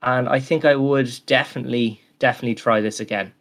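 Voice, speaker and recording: A man's voice: medium pitch, steady tone, fast. A man co-hosting a podcast, talking in a rambling, enthusiastic way with many fillers. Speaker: podcast co-host. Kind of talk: casual chat.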